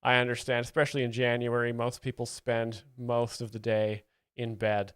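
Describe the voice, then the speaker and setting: A man's voice: medium pitch, flat delivery, moderate pace, fairly bright tone, clean tone, no echo. A man hosting a livestream, chatting and laughing as he explains a comedy clip, on a close mic. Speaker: host reacting to a comedy clip. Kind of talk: livestream commentary.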